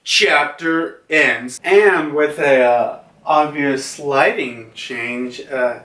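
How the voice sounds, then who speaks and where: A man's voice: mid-range voice, very slow, a bit bright. A man casually reviewing a comic chapter, rambling with lots of fillers and restarts. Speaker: manga reviewer. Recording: echoey room, far from mic.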